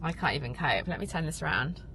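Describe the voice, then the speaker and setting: A woman's voice: low voice, expressive, fast, pushed and bright, slight background noise, poor audio. A young woman talking to camera in a casual vlog, emotional and rambling, with lots of fillers. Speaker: vlogger and podcast host.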